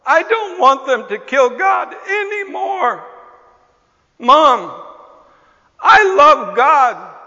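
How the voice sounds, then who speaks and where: A sobbing little boy pleads in a high, straining voice, as a preacher puts him on. It sounds dull and lo-fi, with a long hall echo behind it. He sometimes breaks into near-shouts. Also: very animated, very slow, long pauses, exaggerated voice. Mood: tearful pleading. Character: tearful four-year-old boy pleading.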